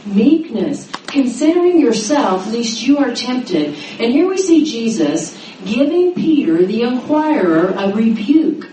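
A middle-aged woman teaching a sermon to a women's gathering, acting out the quoted voices with lively pitch. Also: a little slow. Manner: animated, dramatizing quotes with rising pitch. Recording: roomy echo, mic at a distance, faint noise.

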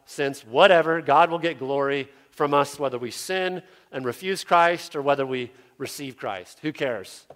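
A man preaching an expository sermon as a pastor, earnest, dropping low and quiet for scripture and rising when he voices objectors. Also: normal speed, hardly any pauses.

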